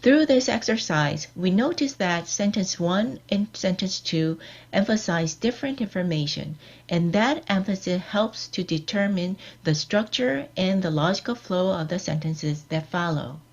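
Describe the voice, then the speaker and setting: A woman giving a scripted online lecture, reading out example sentences in a measured, deliberate way. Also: on the low side, animated. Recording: dull lo-fi recording.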